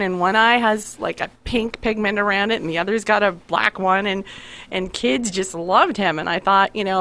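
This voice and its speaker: A woman's voice: medium pitch, sharp tone. A woman author talking as a guest on a radio show, candid and a little self-deprecating, wandering from topic to topic. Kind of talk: casual radio interview.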